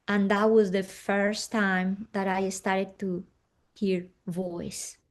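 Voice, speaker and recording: Woman guest sharing her story softly, mid-pitched, reflective, goes quiet and hushed a lot. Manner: soft, reflective, often drops to a hush. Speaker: interview guest. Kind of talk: personal storytelling in conversation.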